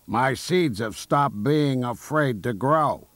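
A man voicing a fretful, impatient male toad who talks in a slow, earnest, worried way. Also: mid-range voice, a bit bright, dry recording, pitched above the performer's own voice.

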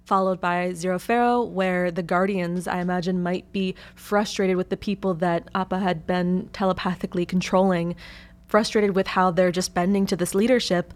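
A woman's voice: fairly low pitch, steady tone, normal speed, darkish tone. A woman co-hosting a radio show, chatting casually and explaining her song picks at length in a thoughtful way. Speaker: radio co-host.

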